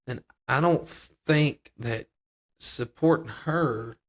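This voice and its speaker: A man's voice: medium pitch, takes it slowly. A man co-hosting a casual podcast chat, rambling and hedging with many restarts. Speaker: podcast co-host.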